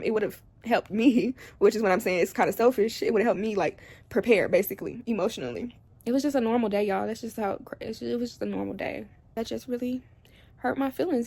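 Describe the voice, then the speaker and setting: Young woman, tearful, rambling vlog chat, fairly high voice, dry close sound. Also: darkish tone, dry recording. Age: young adult. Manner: tearful, rambling, speaks straight to viewers. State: crying on and off. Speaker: vlogger. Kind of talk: emotional confiding chat to camera. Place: at home, indoors.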